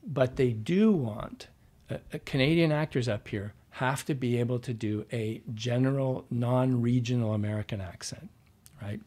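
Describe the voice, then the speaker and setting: A middle-aged man with a mellow, medium-pitched voice speaks at a moderate pace. A dialect coach, he tells anecdotes in a relaxed interview, quoting his own past words along the way.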